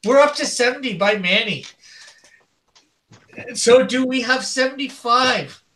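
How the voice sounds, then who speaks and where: A man's voice: very high voice, animated, unhurried, bright, forceful tone. A man hosting a live-streamed art auction, calling out bids over and over and chuckling between calls. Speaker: auction host.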